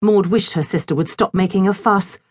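A woman narrating a children's audiobook in an expressive storytelling manner. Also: medium pitch, moderate pace, no room sound, clean studio sound. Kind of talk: scripted narration of a children's book.

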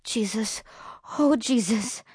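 A woman's voice: high voice, lively intonation, slow, dry recording, clean studio sound, full character voice. A woman voicing a terrified teenage girl who whimpers and panics, trembling as she talks. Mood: panicked.

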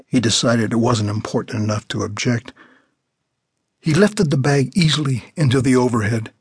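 A man narrating his own novel as an audiobook, with a measured, plain delivery. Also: medium pitch, husky, dry recording, clean studio sound.

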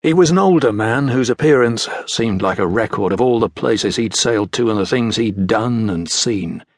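A man narrating a children's adventure audiobook in a measured storytelling delivery. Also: lowish voice, animated, no room sound, clean studio sound. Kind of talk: scripted narration.

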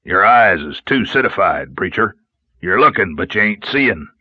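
A gruff old mountain man, voiced by a male narrator drawls in slow, rough country grammar for an audiobook. His voice sits low and husky. The recording is dull and dry. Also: animated, no room sound. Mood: dry, teasing.

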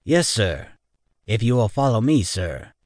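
A man's voice: lowish voice, very animated, unhurried, a little mellow, dry recording, clean studio sound. A man voicing a stern, by-the-book male sergeant major in an audiobook, with clipped military formality.

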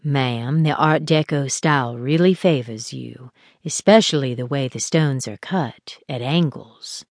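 A woman voicing a dignified older woman who speaks quietly and knowledgeably. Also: a bass voice, unhurried, no echo, studio quality, voice pushed down, full character voice. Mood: respectful.

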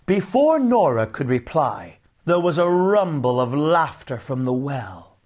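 A man narrating a children's storybook in an expressive, unhurried way. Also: a little high. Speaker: audiobook narrator.

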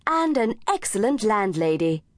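A woman voicing a friendly, kind working mother who speaks softly and evenly. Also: medium pitch, sing-song, normal speed, no room sound, studio quality, lightly acted.

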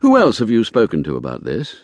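A man's voice: on the low side, huge pitch swings, a little fast, a little mellow, no room sound. A man voicing a weary, reluctant former male private investigator in an audiobook, terse and guarded. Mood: probing. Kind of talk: audiobook character voice.

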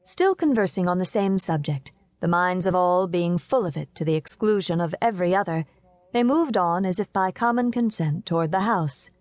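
A woman narrating a classic novel as an audiobook, telling the story in an even, measured way. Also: fairly low pitch, no room sound.

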